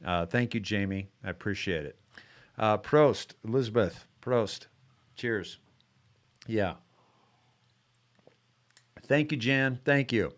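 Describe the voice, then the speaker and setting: A man's voice: on the low side, slow, long pauses. A man hosting a live-streamed show in casual chat, rambling with many restarts and fillers.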